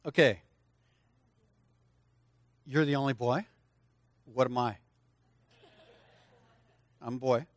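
A man's voice: mid-range voice, slow pace, long pauses, no echo. An older man preaching to children in a church service, coaxing them to join in and answer aloud. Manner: lively, coaxing, speaks straight to children. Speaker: preacher leading a children's lesson. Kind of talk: sermon with audience participation.

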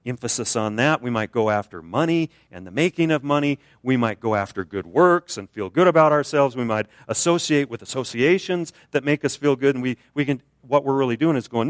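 A male American preacher delivers a lively, conversational sermon with a middle-pitched voice. He jumps up high to make a point, then drops low and soft. The sound is dry and close, with little room echo. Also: brisk, hardly any pauses. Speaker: guest preacher. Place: church.

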